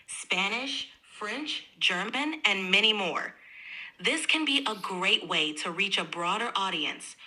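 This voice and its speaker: A woman's voice: mid-range voice, sharp tone, rough recording. A synthetic woman's voice of an AI assistant, polite and upbeat, eager to help.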